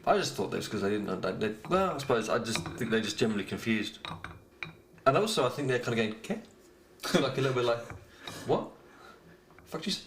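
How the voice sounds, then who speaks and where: A man's voice: medium pitch, lively intonation, fast talker. A man co-hosting a podcast, rambling in casual chat and swearing freely. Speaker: podcast co-host. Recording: echoey room with faint noise.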